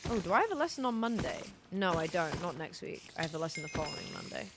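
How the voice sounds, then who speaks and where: A woman's voice: fairly low pitch, sing-song, quick pace, music in the background. A young British woman streaming a game, chatting casually in a rambling, self-correcting way. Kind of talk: casual chat while gaming.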